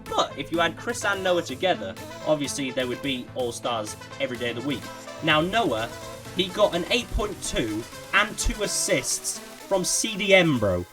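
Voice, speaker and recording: A man's voice: on the high side, very animated, moderate pace, over music. A man in his twenties giving casual, opinionated player ratings in slangy chat. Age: 20s. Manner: slangy and opinionated, lots of "bro". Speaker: gaming YouTuber rating players.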